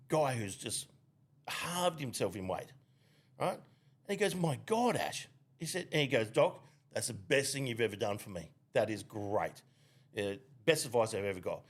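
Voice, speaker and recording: An Australian man co-hosting a podcast, telling rambling crude jokes with plenty of swearing and laughter. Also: on the low side. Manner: rambling joke delivery with frequent laughter and swearing. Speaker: podcast co-host. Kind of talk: casual crude joke-telling chat.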